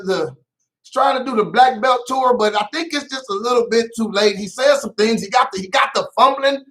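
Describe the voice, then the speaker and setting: A man hosting a casual news commentary show, talking in an animated, teasing way with laughing asides. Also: high-pitched. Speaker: host.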